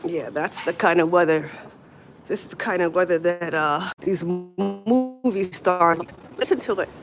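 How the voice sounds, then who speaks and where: A woman's voice: fairly low pitch, a little slow, over music. A middle-aged woman chatting casually on a livestream from outdoors in the snow, laughing often, with wind behind her. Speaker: livestream host. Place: outdoors in snowy weather. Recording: faint wind noise outdoors.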